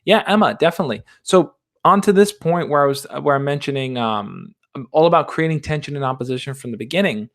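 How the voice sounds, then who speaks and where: A young man hosting a livestream, reading out viewer questions and answering them in a relaxed, reassuring way. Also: a little high, a little fast. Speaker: dating advice host. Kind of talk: casual livestream chat.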